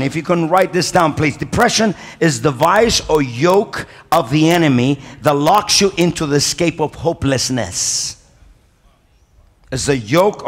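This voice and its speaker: A man preaching a sermon as pastor, emphatic, repeating key lines and calling for amens. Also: on the high side. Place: large church hall. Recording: long reverb of a church hall.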